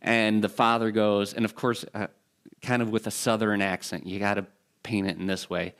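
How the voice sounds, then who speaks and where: A man's voice: fairly low pitch, little pitch movement, moderate pace, fairly bright tone. A male pastor preaching a sermon in a conversational, storytelling way, with asides and restarts.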